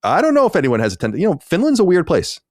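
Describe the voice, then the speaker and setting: A man's voice: high voice, wildly swooping pitch, very fast, no room sound, studio quality. A man co-hosting a podcast, chatting casually and rambling, with many restarts and fillers. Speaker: podcast co-host. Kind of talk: casual chat.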